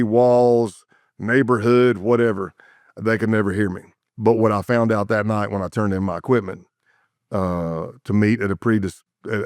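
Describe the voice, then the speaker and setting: A man with a lowish, smooth, resonant voice recounts his undercover days as a podcast guest. He builds his story vividly, acting out sounds and repeating himself. The sound is close and dry, with no room in it. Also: dry recording. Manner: vivid, animated storytelling with sound effects and repetitions. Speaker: interview guest, former undercover agent.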